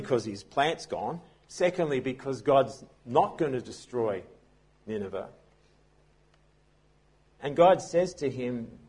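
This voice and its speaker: Man, pastor, sermon, conversational storytelling, husky, mid pitch. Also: darkish tone. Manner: conversational storytelling, many restarts.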